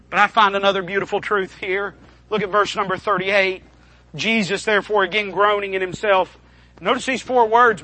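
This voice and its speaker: A man's voice: high voice, pushed and bright, low-quality recording. A man preaching a sermon, quoting scripture and rising to fervent emphasis.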